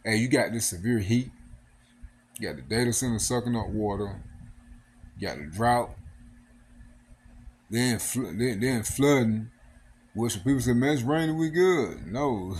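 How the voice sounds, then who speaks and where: A man's voice: fairly low pitch, a little mellow, slight background noise. A man giving a casual sermon, reading scripture aloud and often adding "man" and "all right". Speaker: preacher. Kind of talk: casual street-style sermon.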